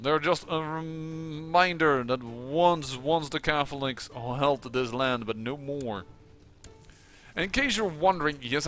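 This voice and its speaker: A man's voice: on the high side, pushed and bright. A man giving casual, musing commentary on a strategy game, with occasional exasperated outbursts. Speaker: let's play commentator.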